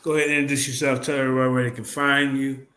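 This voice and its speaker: A man's voice: mid-range voice, level tone, very fast, bright, forceful tone, roomy sound. A man hosting a casual live stream talk, loose and repetitive, swearing casually. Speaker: host.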